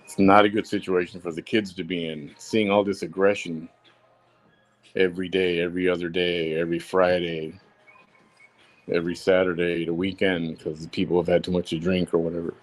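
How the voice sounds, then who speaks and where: A Chicago man with a low voice hosts a solo podcast at a moderate pace and with flat delivery. He talks bluntly and heatedly, repeating himself for emphasis.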